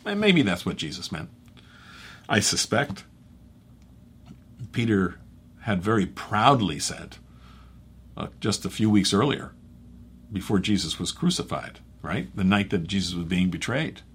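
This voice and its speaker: Husky, low-voiced man teaching scripture. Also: very animated. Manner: conversational, halting, with fillers and self-corrections. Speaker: pastor. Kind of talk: bible teaching.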